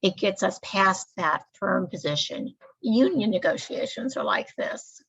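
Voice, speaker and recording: Woman trainer, measured and explanatory, gravelly husky voice, dull lo-fi recording. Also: mid-range voice, animated, a bit bright. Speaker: staff trainer.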